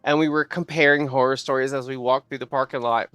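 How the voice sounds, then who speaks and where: A woman livestreamer telling a funny work story in casual chat, animated and quick to laugh and swear. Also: a bass voice, clean tone, no echo.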